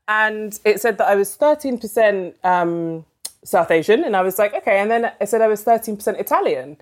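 A woman novelist from London, chatting as an interview guest, filling with "like" and acting out quoted dialogue. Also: brisk. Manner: chatty, fills with "like", acts out quoted dialogue with lively pitch jumps. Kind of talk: casual storytelling interview.

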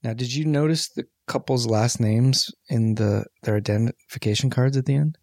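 Husky laid-back male podcast co-host. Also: medium pitch, normal speed, darkish tone, no echo, clean studio sound. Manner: laid-back, jokey, explains plot points. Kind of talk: casual movie chat.

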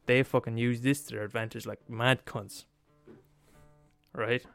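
Male podcast host, mid-pitched, sweary comic rant with faint guitar music underneath. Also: fairly even intonation, unhurried, creaky, a bit bright, clear, resonant tone. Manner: profane, emphatic, laughs at his own points. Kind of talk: comedic rant.

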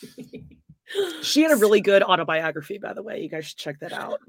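A woman's voice: medium pitch, very animated, fast talker, no echo, studio quality. A woman co-hosting a podcast in casual chat, teasing and self-deprecating. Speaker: podcast co-host.

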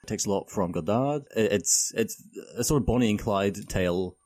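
A man co-hosting a comedic film podcast, explaining films in a halting way with repeated words and dropping dry quips. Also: on the low side, a little mellow, no echo. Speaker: podcast co-host.

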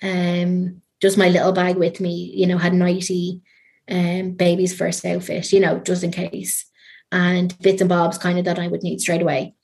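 A woman's voice: fairly low pitch, monotone, moderate pace, vocal fry, a little mellow. An Irish woman telling a personal story as an interview guest, chatty and full of ums and likes. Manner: chatty, many ums and likes, trailing fillers.

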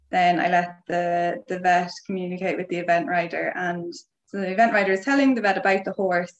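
Irish woman on a podcast, halting story full of ums, kinda muffled audio. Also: lowish voice. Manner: hesitant, many fillers and restarts. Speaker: guest equine veterinary nurse.

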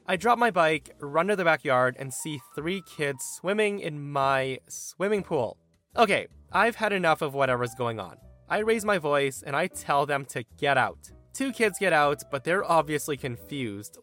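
A young man narrating a story from an online forum, lively and expressive, acting out the quoted lines. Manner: lively, acts out quoted lines with raised pitch. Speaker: narrator reading a Reddit story.

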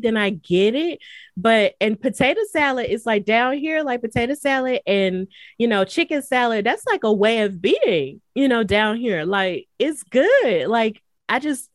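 A woman's voice: a little high, no echo. A young woman from Alabama with a Southern accent, chatting casually and filling her talk with "like" and "you know". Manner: chatty, many "like" fillers. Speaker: guest. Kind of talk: casual chat.

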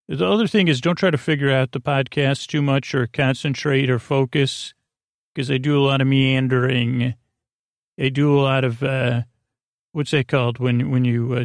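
A man hosting a sleep podcast, talking in creaky, soothing tones with rambling, filler-heavy bedtime talk. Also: medium pitch, dry recording, clean studio sound. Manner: rambling, full of fillers and tangents.

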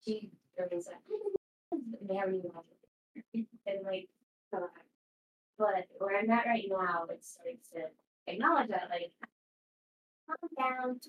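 A woman chatting casually before a live stream, retelling a show in a rambling, animated way with lots of fillers. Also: mid-range voice, measured pace, long pauses, lo-fi sound. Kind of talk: casual chat. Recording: roomy, distant mic with background noise.

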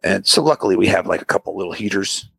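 Gravelly, husky man telling stories. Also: low-pitched, lively intonation, fast talker, fairly bright tone, dry recording. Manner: rambling, laid-back, acts out quotes. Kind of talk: casual storytelling chat.

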